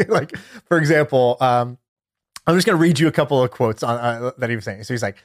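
A man co-hosting a podcast, telling a story in casual chat, lively and full of fillers like "like" and "you know". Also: medium pitch, fast, dry recording, studio quality. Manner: animated storyteller, many fillers, laughs while telling. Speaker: podcast co-host.

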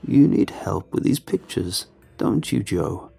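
A man voicing a creepy, gaunt male sun creature with metal lips. He speaks in a slow, drawn-out, sinister croak. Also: deep voice, sing-song, mellow, full character voice. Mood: taunting.

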